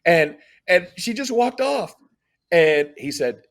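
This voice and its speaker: A man's voice: sits high, takes it slowly. A middle-aged man, a comedian, telling stories in a casual interview and acting out the dialogue. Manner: animated, acts out dialogue in voices. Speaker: comedian guest.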